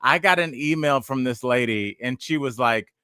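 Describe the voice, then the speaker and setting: A man's voice: medium pitch, moderate pace, bright, forceful tone, clear, resonant tone, dry recording, clean studio sound. A man in his forties, a podcast host and stand-up comedian, chatting casually and telling rambling, digressive stories.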